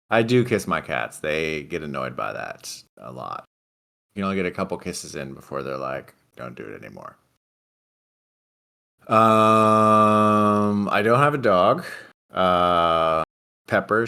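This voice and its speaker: A man guesting on a livestream, reading chat comments and answering them in a deadpan, casual way from a home streaming setup on a desk mic. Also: on the low side, clear, resonant tone.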